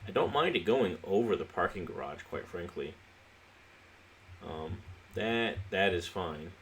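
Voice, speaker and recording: A man's voice: sits low, expressive, a little slow, a bit bright, slight background noise. A man hosting a city-building let's play, talking casually and thinking aloud with frequent restarts, a little sleepy. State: sleepy, yawning. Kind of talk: casual gameplay commentary.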